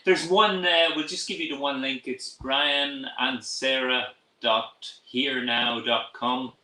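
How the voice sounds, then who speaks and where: A man's voice: mid-range voice, fairly even intonation, slow, sharp tone, reverberant. A man from Texas, a musician guest joking in a laid-back, casual chat.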